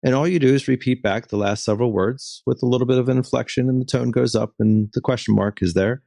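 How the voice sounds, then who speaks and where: A man's voice: medium pitch, steady tone, fast talker, creaky, warm tone, no room sound, studio quality. A man hosting an interview podcast, explaining ideas at length and asking long questions. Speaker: podcast host.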